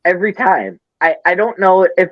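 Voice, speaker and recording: A man's voice: high voice, expressive, moderate pace, dry recording, lo-fi sound. A man with a Midwestern accent, co-hosting a casual podcast chat, rambling and swearing as he gets flustered. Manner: rambling, profane, flustered ranting. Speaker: podcast co-host.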